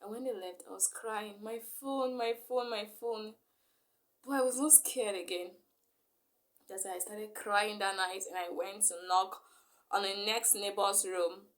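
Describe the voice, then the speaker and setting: A woman's voice: mid-range voice, fairly even intonation, a little slow, fairly bright tone. A young woman, recounting a story in a rambling vlog style full of fillers. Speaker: vlogger.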